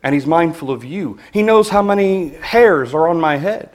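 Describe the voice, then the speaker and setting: A man preaching a sermon in an earnest, measured way, reading scripture passages with emphasis. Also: fairly high pitch, lively intonation.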